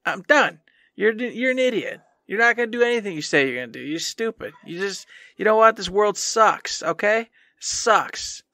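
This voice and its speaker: A man's voice: high-pitched, animated, moderate pace, sharp tone, no room sound, studio quality. A man co-hosting a gaming podcast, scolding his past self in a mock-angry casual rant. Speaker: podcast co-host.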